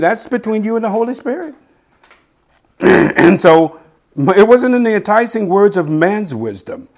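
A middle-aged man preaching a sermon in a conversational teaching style, reading scripture slowly and asking his listeners "right?". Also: high-pitched. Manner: quotes scripture slowly and deliberately. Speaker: pastor.

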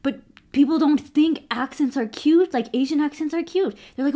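A young adult woman talking in a lively, expressive way in a casual chat. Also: high-pitched. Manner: lively, expressive, quick to agree.

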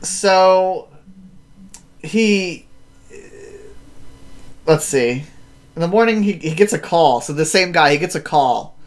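A man's voice: fairly high pitch, lively intonation, slow, long pauses. A man recapping a story in casual chat, rambling with many fillers and acting out quotes. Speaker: podcast host.

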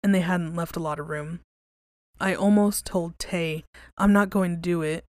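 This podcast host reads spooky tales and then chats in an easygoing way, cursing now and then. Her voice sits on the low side, captured at studio quality with no room sound.

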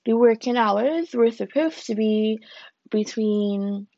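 A woman's voice: fairly high pitch, takes it slowly, no room sound, dull audio. A young woman from the Caribbean hosting a casual solo podcast, chatty and laughing at herself as she talks. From British Caribbean. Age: young adult. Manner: chatty, laughs at herself, lively swings in emphasis. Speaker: podcast host.

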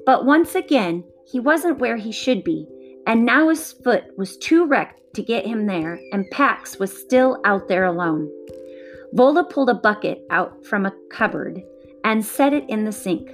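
A woman's voice: medium pitch, faint music behind. Woman reading a novel aloud. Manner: steady, measured storytelling. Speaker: reader.

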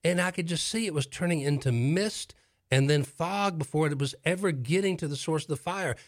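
A brisk middle-aged man with a voice on the high side hosts a talk show, where he recounts something dramatic in an easygoing, animated style full of repeated phrases for effect.

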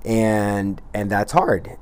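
A man with a somewhat low voice hosts a motivational weight-loss podcast. He speaks bluntly and with tough love, swearing casually as he pushes the listener. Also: fairly even intonation, drawn-out words, clean tone. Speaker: podcast host.

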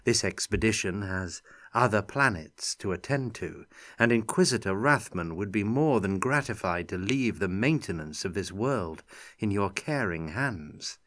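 A man voicing a shrewd female envoy who speaks smoothly and placatingly, with an edge of threat. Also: on the low side, lively intonation, measured pace, a bit bright. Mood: diplomatic.

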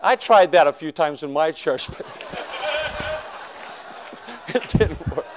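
A male preacher telling his conversion story in a sermon, swinging from loud shouts to hushed confession. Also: on the high side, lively intonation, takes it slowly, crowd noise, noisy background. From northern United States. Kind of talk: sermon testimony.

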